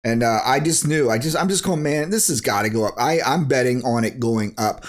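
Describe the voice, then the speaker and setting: A man ranting through his market commentary in a blunt, worked-up way, mixing slang with sound effects. His voice sits at an ordinary middle pitch. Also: a little fast. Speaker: crypto YouTuber.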